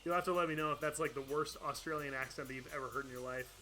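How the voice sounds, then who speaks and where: This live-streaming gamer has a mid-range, fairly even voice that sounds pushed and bright, and he speaks very fast with faint music behind him. Chatty and quick to laugh, he reads chat names aloud and thanks donors while playing.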